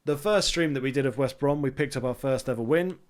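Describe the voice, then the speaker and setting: A man casually commentating his own football management game, getting excitable and swearing when things go wrong. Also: mid-range voice, fairly quick, smooth. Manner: excitable, swears when frustrated, self-deprecating asides. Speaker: gaming streamer.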